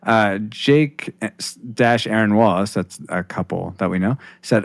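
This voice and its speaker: A man's voice: fairly low pitch, measured pace, creaky, no echo. A man hosting a casual podcast, rambling with restarts while reading listener comments on a close mic. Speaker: podcast host.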